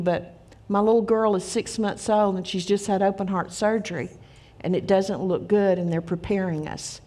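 A woman's voice: mid-range voice, darkish tone. A middle-aged woman preaching a sermon, telling stories in an earnest, emphatic way.

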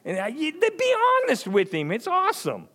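Male preacher, middle-aged, high and very lively delivery, folksy storytelling sermon. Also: a little fast. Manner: animated storytelling, acts out quoted voices, chuckles often. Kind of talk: conversational sermon.

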